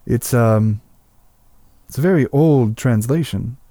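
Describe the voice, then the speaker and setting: A man's voice: mid-range voice, takes it slowly, dark tone, dry recording, lightly acted. A man voicing a possessed elf woman who is politely formal and slightly condescending.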